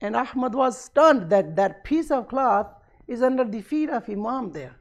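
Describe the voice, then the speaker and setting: A man's voice: very high-pitched, very animated, moderate pace, muffled recording. A man preaching a sermon at a community centre, retelling a story and acting out its dialogue with rising emphasis.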